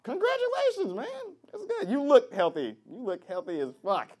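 Male stand-up comedian, high voice, swoopy lively delivery, crowd work, live club with laughter. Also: moderate pace, very noisy. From Chicago. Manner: animated, crowd work, swears freely.

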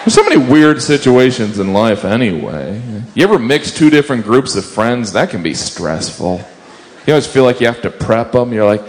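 A man's voice: medium pitch, very animated, normal speed. A man doing observational stand-up in a wry tone, slipping into silly voices. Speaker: stand-up comedian. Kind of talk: stand-up routine. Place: comedy stage before a live audience. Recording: live show with crowd and noise.

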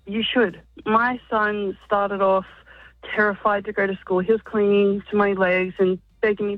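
A woman's voice: mid-range voice, level tone, normal speed, no room sound. A woman calling in to a radio show, telling a heartfelt story with emotion. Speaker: caller. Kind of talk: phone-in call. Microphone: phone. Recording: tinny dry phone line.

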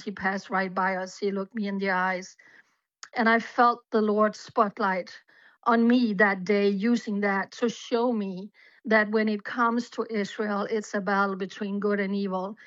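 A woman's voice: mid-range voice, fairly bright tone, dry recording. Female radio guest from Denmark who tells her story earnestly over a dull, dry remote line. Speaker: guest journalist. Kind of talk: personal testimony in a radio interview.

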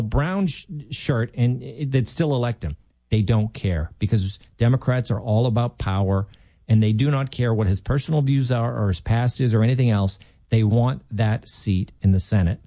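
A man's voice: medium pitch, warm tone, no room sound. A man filling in as a radio talk host, giving opinionated, emphatic political commentary while he thinks aloud.

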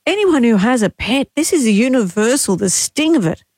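A woman's voice: a little high, sing-song, brisk, a little mellow, no echo, studio quality. An Australian woman in her sixties on a radio show, tearful with grief, talking in an emotional, rambling and self-mocking way. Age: 60s. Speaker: radio co-host. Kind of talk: casual on-air chat. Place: radio studio.

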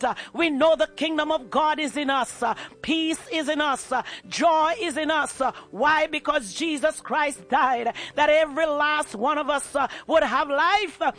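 High-pitched gravelly man preaching with passion. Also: fairly bright tone. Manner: passionate, fervent, with repeated "uh" fillers. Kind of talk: impassioned sermon and prayer.

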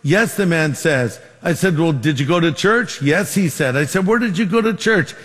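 Male pastor, sermon, lively storytelling, slightly high voice, long hall echo. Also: moderate pace. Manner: storytelling with quoted dialogue, numbered points.

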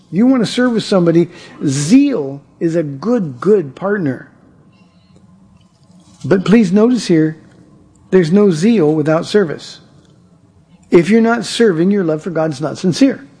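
A man's voice: sits high, dark tone, slightly rough. A male pastor preaching an earnest sermon, often repeating and restarting his words.

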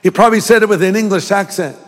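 A man's voice: high voice, fast, long reverb tail. A male pastor giving a humorous, conversational sermon.

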